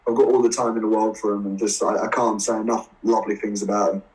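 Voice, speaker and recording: A man in his twenties with an Essex accent, telling stories as a guest in a casual interview, animated and laughing often. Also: fairly low pitch, fast talker. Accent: English, Essex. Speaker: guest wrestler. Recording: voice a bit far from the mic.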